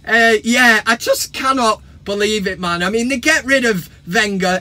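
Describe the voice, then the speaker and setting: An English man hosting a football fan vlog, talking to camera in an animated, sarcastic rant and swearing freely. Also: high voice, moderate pace, few pauses.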